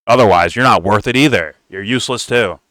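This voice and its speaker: A heated man tears into a political video he is reacting to, cursing at every turn. His voice sits a little low and pushes forward with a hard, tense edge, recorded close and dry. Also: brisk, a bit bright, no room sound. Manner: blunt, heated, swears constantly, says "bro". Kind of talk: profane reaction rant.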